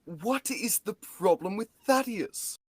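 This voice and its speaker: A woman's voice: mid-range voice, animated, takes it slowly, husky, no room sound, studio quality. A woman voicing a helpful, wry talking magic book in a student radio play, explaining things as they happen.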